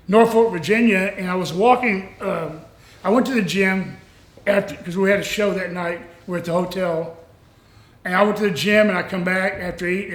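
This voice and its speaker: A man in his sixties, a former pro wrestler, telling rambling stories in a casual interview and acting out other people's lines. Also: high-pitched. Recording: echoey room.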